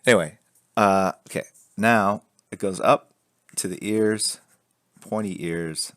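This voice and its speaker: Streaming a live drawing lesson from a drawing board indoors, a man explains construction lines as he sketches, jokes, and reads chat aloud, captured by a camera fixed to the board. His voice is on the low side, slightly bright, steady, and slow, with no echo.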